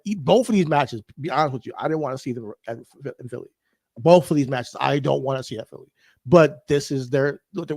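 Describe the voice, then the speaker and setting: Gravelly man chatting on a podcast. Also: fairly high pitch, no echo. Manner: animated, laughing, gets emotional. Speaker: podcast co-host. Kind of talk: casual chat.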